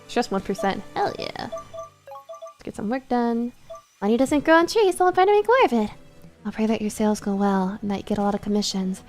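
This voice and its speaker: A woman's voice: on the high side, very animated, a little fast, darkish tone, faint music behind. A young woman streamer making casual, chatty asides between game dialogue.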